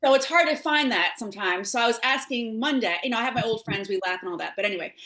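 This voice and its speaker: A woman in her thirties or forties, a guest telling a family story in an animated, laughing manner. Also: a little high, fast talker. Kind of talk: casual storytelling.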